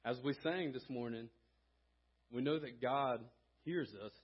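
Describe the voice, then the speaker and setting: Man, preacher, sermon, earnest, husky voice, mid pitch. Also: measured pace, lo-fi sound. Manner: earnest, rising in volume when reading and exhorting. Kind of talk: sermon with scripture reading and prayer. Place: church sanctuary.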